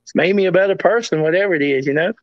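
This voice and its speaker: A man with a fairly high voice talks as a guest on a show. He rambles through his stories and circles back on himself. The audio is dry and dull, like a lo-fi recording. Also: racing, dry recording. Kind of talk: casual storytelling.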